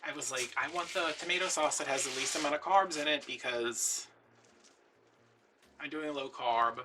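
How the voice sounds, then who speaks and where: A young man who hosts a craft video and tells a rambling story in casual chat, putting on higher voices for the people he quotes. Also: normal speed, far from the mic, background noise.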